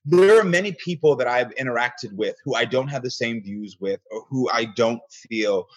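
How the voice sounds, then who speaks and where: Earnest male guest, husky, relives conversations as he tells them. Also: medium pitch, normal speed, lo-fi sound. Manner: earnest storyteller, acts out quoted exchanges. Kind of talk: casual interview conversation.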